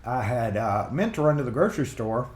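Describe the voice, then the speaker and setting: A man's voice: medium pitch, lively intonation, a little fast, a little mellow, a little hiss or hum. A man from Mississippi with a Southern accent hosts a casual live-stream chat, rambling and reading viewer comments aloud. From Mississippi, USA. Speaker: livestream host. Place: home workshop. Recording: roomy echo.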